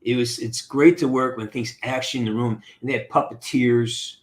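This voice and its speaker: A man's voice: mid-range voice, steady tone, normal speed. Upbeat man hosting a live stream. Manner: upbeat, greets viewers by name, rambling. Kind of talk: casual live-stream chat.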